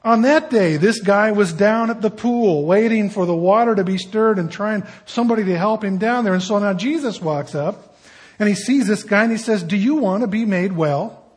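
A man's voice: high voice, moderate pace, breathy edge. A middle-aged man preaching a sermon in a conversational, emphatic way with rhetorical questions.

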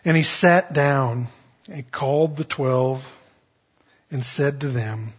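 A male pastor preaching a sermon in a folksy, conversational way with animated storytelling. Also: medium pitch, slow, pauses often, husky. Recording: dull lo-fi recording.

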